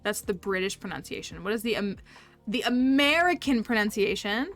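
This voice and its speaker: Woman, livestream host, upbeat and chatty, laughs a lot, crisp bright tone. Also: mid-range voice, lively intonation, normal speed, faint music behind. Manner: chatty, upbeat, laughs often while reading chat. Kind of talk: casual livestream chat with viewers.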